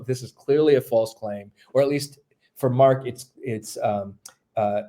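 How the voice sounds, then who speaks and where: A man's voice: medium pitch, a little mellow. Man explaining scripture with many fillers. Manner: thinks aloud with many fillers and restarts; lecturing, walks through texts step by step. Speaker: guest, New Testament scholar. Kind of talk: explanatory podcast interview.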